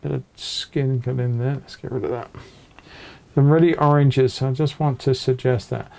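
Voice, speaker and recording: Male painting tutor, gravelly and warm, relaxed chatty narration while seated at the easel. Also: mid-range voice, normal speed. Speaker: painting teacher. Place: small home studio with a low ceiling.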